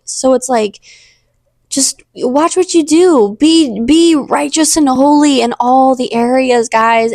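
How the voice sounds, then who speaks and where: A woman's voice: fairly high pitch, creaky, a little mellow, dry recording. Earnest rambling young woman, dry sound. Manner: rambling, earnest, full of fillers and restarts. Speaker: podcast host. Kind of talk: casual faith talk.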